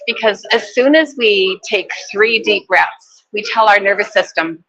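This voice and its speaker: A woman from Canada presenting her children's book at a book fair, telling its story in a gentle, earnest way. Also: medium pitch, measured pace, dry recording, lo-fi sound.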